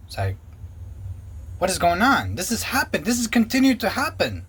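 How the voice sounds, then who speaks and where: A former pastor giving an earnest personal testimony and acting out past conversations in quoted dialogue. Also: male voice, high-pitched, huge pitch swings, moderate pace, fairly bright tone, husky.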